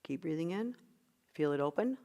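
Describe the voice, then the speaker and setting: Middle-aged woman, vocal coach, encouraging, slightly low voice, guides breath work. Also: animated, moderate pace, dark tone. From United States. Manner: guiding breathing exercises, encouraging. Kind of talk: online vocal workshop.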